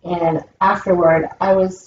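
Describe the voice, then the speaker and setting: A woman's voice: on the low side, level tone, a little slow, a little hiss or hum. A woman hosting an interview who asks questions and shares her own reflections in an agreeable way. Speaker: host. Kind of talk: interview conversation. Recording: roomy, distant, dull recording.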